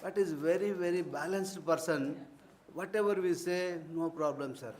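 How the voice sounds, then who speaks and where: A man's voice: high-pitched, normal speed. A man gives an earnest, formal vote of thanks as conference organizer in a university hall, mixing ceremony with personal anecdotes. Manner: earnest, formal phrasing broken by warm anecdotes.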